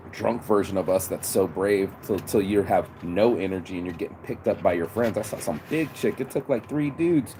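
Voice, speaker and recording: A man giving a casual, profane motivational rant outdoors by a busy road, preachy and calling the listener bro. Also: on the low side. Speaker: motivational vlogger. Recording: loud traffic noise behind.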